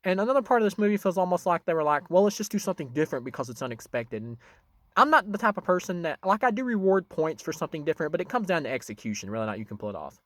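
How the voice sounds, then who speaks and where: Man, reviewer host, lively swinging pitch, bright forward tone, close dry mic, casual off-the-cuff delivery. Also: very fast, dry recording. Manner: animated, voice jumps up high for emphasis. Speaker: movie reviewer, channel host. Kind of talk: casual spoken film review.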